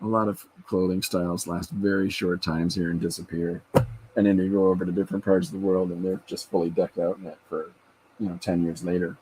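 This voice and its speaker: A man's voice: low-pitched, level tone, brisk, mellow, slight background noise, low-quality recording. A man hosting a podcast, chatting casually and rambling through stories while he draws. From Canada. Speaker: podcast host and artist. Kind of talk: casual chat while drawing.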